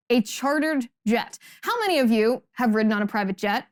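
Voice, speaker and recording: A woman's voice: a little high, expressive, moderate pace, no room sound. A young adult woman hosting a political commentary monologue, talking emphatically and indignantly with pointed rhetorical questions. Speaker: host.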